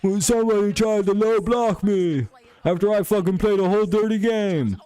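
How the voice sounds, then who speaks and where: A man's voice: high-pitched, warm tone, clean tone, voice pushed up, close to an everyday voice. Man mocking a whiny crybaby football defender. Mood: whining. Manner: whining, slow and exaggerated. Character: whiny self-pitying male football defender.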